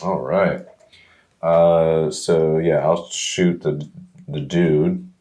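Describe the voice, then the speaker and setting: Very deep-voiced slow male player. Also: fairly even intonation, warm tone. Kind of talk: casual tabletop play.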